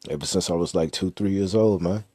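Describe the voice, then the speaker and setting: Young male podcast host, very low pitch, dry close sound, blunt slangy delivery with profanity. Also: a little fast, mellow, breathy edge, no echo. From United States. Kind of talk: casual monologue.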